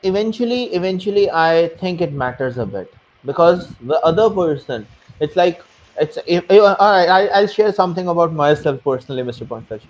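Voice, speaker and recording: A man's voice: a little high, animated, brisk. Muffled Punjabi-accented man, earnest. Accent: Punjabi-influenced Indian English. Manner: earnest, explains with repeated phrases. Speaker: interview guest, French learner. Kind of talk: casual interview. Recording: muffled lo-fi sound.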